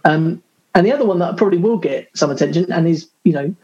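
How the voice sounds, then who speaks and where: A man on a podcast panel, giving measured, thoughtful answers full of small hesitations. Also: fairly high pitch, darkish tone, lo-fi sound. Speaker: podcast co-host. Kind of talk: casual chat.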